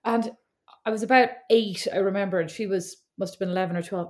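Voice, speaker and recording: A woman's voice: medium pitch, fairly even intonation, a little mellow. Chatty woman co-hosting a podcast. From Ireland. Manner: chatty, wry, quick to laugh, swears freely. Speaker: podcast co-host. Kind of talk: casual chat. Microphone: remote recording call.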